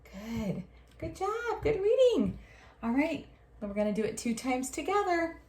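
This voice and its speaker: Slow-paced teacher voice, roomy. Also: female voice, high-pitched, very animated, a little mellow. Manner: slow, drawn-out modelled reading with encouraging praise. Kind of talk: early reading lesson for young children. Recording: roomy echo.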